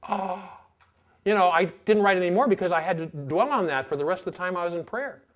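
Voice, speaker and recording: A man teaching a Christian class, talking in a relaxed, conversational way and reading his own journal entries aloud with pauses. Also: high-pitched. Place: teaching session at a training institute.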